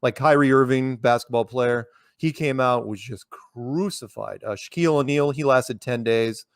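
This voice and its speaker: An American man tells stories as a guest in a casual interview. He rambles, restarting and repeating words, at an ordinary pitch. The sound is dry and close, with no room echo. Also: normal speed. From United States. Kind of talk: casual conversational storytelling.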